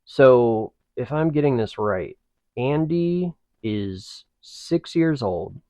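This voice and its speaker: Slow-talking man making wry jokes. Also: mid-range voice, lively intonation, dark tone, no echo. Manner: wry, joking asides, slow drawl. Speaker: podcast co-host. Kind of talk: casual comedic banter.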